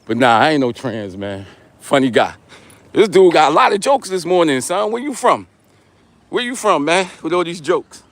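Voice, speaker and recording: A man in his forties with a New York accent chats casually on a live stream as he walks, reading comments and teasing viewers in street slang. His voice is fairly high and expressive, at a moderate pace, with no echo.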